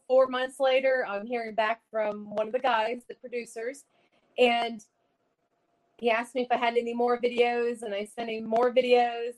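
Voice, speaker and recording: A woman, a paranormal investigator, telling a rambling, excited story on a video call and laughing often. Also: fairly high pitch, poor audio.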